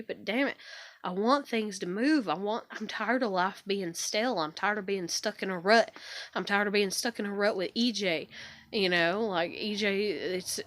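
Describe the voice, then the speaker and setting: A woman's voice: mid-range voice, a bit bright, dry recording. Frustrated young woman venting on a phone. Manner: frustrated, swearing, repetitive. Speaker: vlogger. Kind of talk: venting rant to camera.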